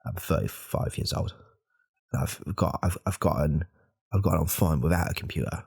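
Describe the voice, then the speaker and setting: A man's voice: moderate pace, a little mellow, heavily acted. A man, voicing a self-important, insecure male podcaster in a whispered role-play who rambles and corrects himself. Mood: rambling. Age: 30s. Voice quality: gravelly, husky low voice. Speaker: podcast host.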